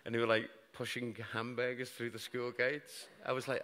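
Here a British storyteller, a middle-aged man, stands before an audience in a large hall, telling them a true tale of grim events with wry, self-mocking wit. His mid-range voice is bright and forceful, though his delivery stays flat at a moderate pace, all in a British English accent. Long reverb from the live hall colours the sound.

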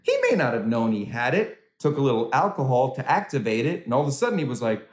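A man doing a stand-up comedy set from home over a video call, animated and swooping into high voices for quoted people. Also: quick pace, few pauses, echoey room. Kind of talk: stand-up comedy set for a virtual charity dinner.

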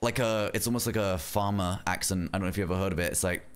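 A man's voice: deep voice, fast, few pauses, clear, resonant tone. A man from London chatting casually while playing a role-play game, hesitant and easygoing.

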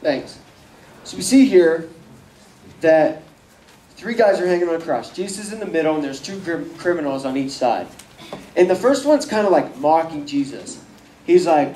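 A young man leads a casual bible study in a mellow, dark voice, speaking loosely with fillers and acting out quotes. He sounds a bit away from the mic in an echoey room with faint ambience around him. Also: a little high, animated, normal speed, recorded from a distance, slight background noise. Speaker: youth bible teacher.

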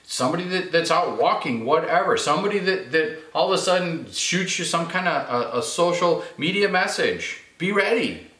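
A man's voice: a little high, lively intonation, normal speed, hardly any pauses, sharp tone, echoey room. A male pastor preaching a sermon in a casual, conversational way, driving points home with repeated phrases and slang like "man" and "dude".

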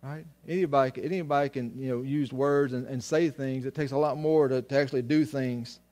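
A man's voice: mid-range voice, fairly even intonation, a little fast, darkish tone. A man preaching a sermon to his congregation, often restarting phrases and asking them questions. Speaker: pastor.

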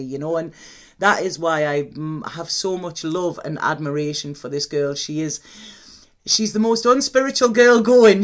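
Candid woman tarot vlogger. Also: lowish voice. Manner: candid, emotional, swears casually. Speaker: tarot reader. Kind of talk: confessional vlog monologue.

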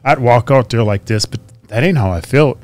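A man's voice: medium pitch, moderate pace, a little mellow, no echo. A man speaking as a podcast guest, telling candid and emphatic stories about himself in an earnest, confessional way. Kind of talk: candid interview storytelling.

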